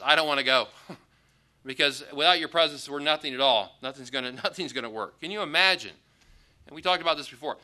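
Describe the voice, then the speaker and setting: Bright-toned man preaching a sermon. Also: a little high. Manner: conversational preaching, acts out quoted lines with rising emphasis. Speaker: pastor. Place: auditorium.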